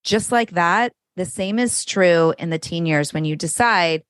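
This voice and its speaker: A woman's voice: fairly low pitch, unhurried, hardly any pauses, dry recording, studio quality. A middle-aged woman, a parenting coach, talking candidly and frankly as a podcast guest, swearing freely. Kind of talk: casual conversation.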